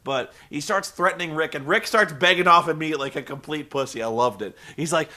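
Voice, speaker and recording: A man's voice: fairly high pitch, a little fast, hardly any pauses. A man recapping a show in a sarcastic, profane comedic style, acting out the people in it. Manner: sarcastic, swearing, animated storytelling.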